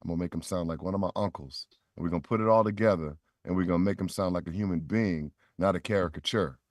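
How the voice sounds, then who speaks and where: A man's voice: low-pitched, fast, darkish tone, no room sound, clean studio sound. A middle-aged man, a voice actor, telling stories as a podcast guest and acting out quoted voices with animation. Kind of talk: storytelling in a podcast interview.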